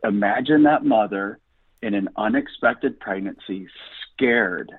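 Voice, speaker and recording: A man's voice: fairly low pitch, measured pace, slightly rough, no echo. A man guest on a radio interview, talking earnestly and encouragingly like a preacher. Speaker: guest, ministry founder. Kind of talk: enthusiastic radio interview talk. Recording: dry phone-line audio.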